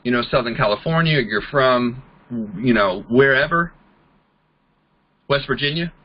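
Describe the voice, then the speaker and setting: A man giving a network marketing training talk, an animated storyteller who acts out the people he quotes. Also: mid-range voice, moderate pace, muffled recording.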